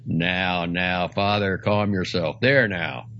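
A man voicing an irritable, skeptical older priest, low and dismissive. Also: steady tone, slow pace, lo-fi sound, slight background noise. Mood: soothing.

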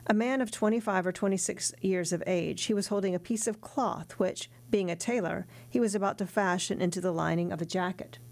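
A woman narrating a classic novel as an audiobook, in measured storytelling. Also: mid-range voice, gravelly, a little mellow. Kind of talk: audiobook reading.

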